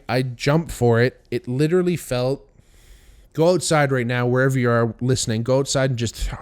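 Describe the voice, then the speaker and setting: A young man hosting a podcast, telling a story casually and animatedly, swearing often and acting out what people said. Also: medium pitch. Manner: profane, animated storytelling with voiced quotes. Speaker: podcast host.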